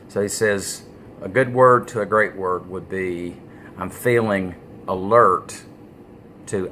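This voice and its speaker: Slow, low-voiced man musing aloud. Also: a bit bright, slight background noise. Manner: halting, many "uh" fillers, stresses key words. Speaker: business vlogger. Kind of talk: casual talking-head monologue.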